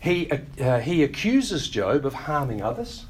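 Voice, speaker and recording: Man, pastor, sermon, animated delivery, slightly high pitch, wry asides, faint background noise. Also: measured pace. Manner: acts out quoted voices, wry asides. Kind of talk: sermon teaching.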